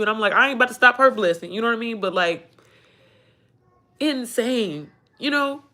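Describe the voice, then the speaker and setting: A woman's voice: fairly high pitch, animated, fast talker, bright, forceful tone. A woman, chatting in a rambling, emotional way on a livestream, swearing freely. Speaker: livestream host. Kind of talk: casual livestream chat.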